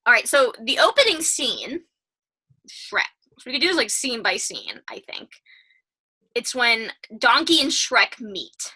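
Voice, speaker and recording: A woman's voice: a little high, sing-song, a little slow, pushed and bright, husky. A young woman co-hosting a podcast in casual, giggly chat. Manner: giggly and chatty. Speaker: podcast co-host.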